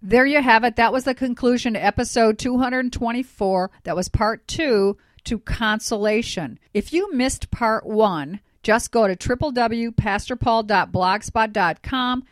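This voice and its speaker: A woman reading a brisk, friendly podcast outro as announcer. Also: on the high side, dry recording. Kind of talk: scripted outro.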